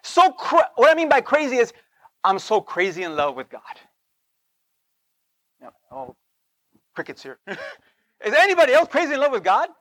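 A man with a fairly high voice preaches to his listeners, spinning a personal story with bursts of laughter. The sound is close and dry, with no room around it. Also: normal speed, pauses often, no echo. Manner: animated storytelling with laughs and frequent "right?".

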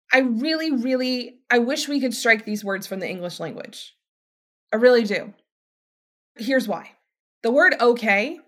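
A woman hosting a podcast as a healthcare provider, talking in a chatty, emphatic way and acting out quoted voices with big jumps in pitch. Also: fairly bright tone. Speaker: podcast host. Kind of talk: casual podcast monologue.

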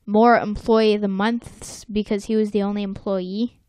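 A woman's voice: medium pitch, level tone, moderate pace, dark tone, no room sound. A playful young woman casually recapping a cartoon episode with a friend. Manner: playful, acts out characters in silly voices. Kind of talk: casual chat.

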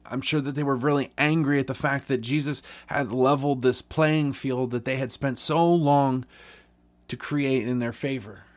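A man's voice: mid-range voice, steady tone, normal speed. A man reading a Bible parable aloud, then speaking earnestly about it in a conversational devotional podcast sermon, with frequent restarts. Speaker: podcast preacher.

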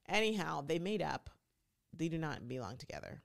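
Deep-voiced and creaky, this female podcast host talks fairly fast in a laid-back recap chat. She's opinionated and lively, performing the quotes she relays.

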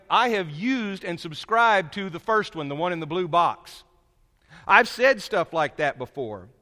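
A man preaching a sermon as pastor, animated and then dropping to soft asides. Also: sits high. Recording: long hall reverb.

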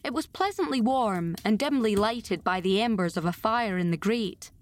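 A woman with a medium-pitched voice works as an audiobook narrator, reading a classic novel from a script in a measured, expressive storytelling manner.

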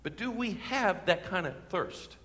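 In a church sanctuary with long, ringing reverb, a male pastor delivers an animated sermon a little slowly. His voice is somewhat higher than most men's, and he swells into forceful emphasis on key lines.

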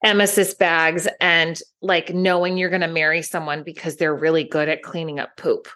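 Woman, 30s, easygoing podcast co-host, chatty and quick with asides. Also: low voice, little pitch movement, bright, forceful tone. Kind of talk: casual chat.

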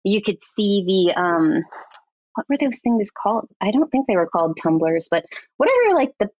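Woman, guest editor, animated anecdote style, mid pitch, dry and slightly dull audio. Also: moderate pace, no echo. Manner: animated, chatty, heavy use of "like". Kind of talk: casual storytelling interview.

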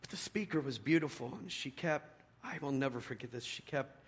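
A middle-aged man preaching a sermon in a conversational storytelling way, dropping to a hush and rising to loud emphasis. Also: mid-range voice, fairly quick, breathy edge. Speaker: pastor.

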